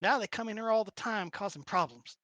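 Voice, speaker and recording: A woman's voice: mid-range voice, a little fast, a bit bright, no room sound, close to an everyday voice. A woman voicing a suspicious old shopkeeper lady with a Southern Alabama accent, folksy and blunt. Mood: grumbling.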